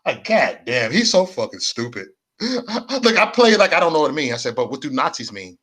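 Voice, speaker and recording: A man's voice: a little high, sing-song, normal speed, a bit bright. A man hosting a casual livestream rant, rambling and repeating himself in slangy, profane street talk. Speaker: livestream host.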